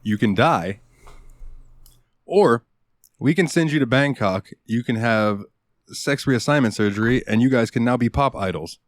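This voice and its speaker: A man co-hosting a casual gaming podcast, laid-back and hesitant, often clearing his throat. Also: mid-range voice, expressive, a little slow, pauses often, dry recording, studio quality. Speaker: podcast co-host.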